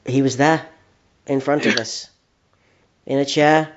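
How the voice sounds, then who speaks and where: Co-hosting a comedy podcast, a man keeps a silly story going in a dry, hesitant manner. His medium-pitched voice is steady and unhurried, and the audio is dull and lo-fi with faint noise.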